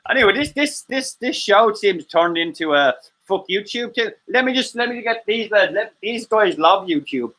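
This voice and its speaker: Give me a man with a bright voice hosting a rambling, sweary live-stream chat. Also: sits high, lively intonation, moderate pace, rough recording. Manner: sweary, rambling, laughs a lot. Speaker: host.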